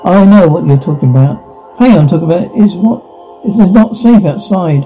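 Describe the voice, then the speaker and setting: High, gravelly man reading a drama aloud. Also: normal speed. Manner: flat, stumbling read with restarts. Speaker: reader voicing a whole drama. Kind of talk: reading a drama script aloud, sound cues included. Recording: dull lo-fi recording with faint music.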